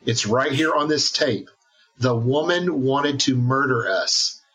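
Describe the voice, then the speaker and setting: A man's voice: mid-range voice, slow pace, a bit bright, slightly rough, low-quality recording. A man playing a tabletop role-playing game, acting out his character with teasing drama. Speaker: player.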